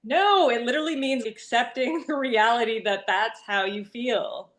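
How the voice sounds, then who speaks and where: A woman's voice: a little high, moderate pace, a bit bright. A woman co-hosting a podcast, talking thoughtfully in a loose, conversational way, often adding "right?". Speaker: podcast co-host. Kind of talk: casual conversational chat.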